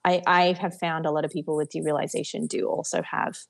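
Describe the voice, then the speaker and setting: A woman co-hosting a casual wellness podcast, giving calm, practical advice. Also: low-pitched, brisk, creaky. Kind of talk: casual chat.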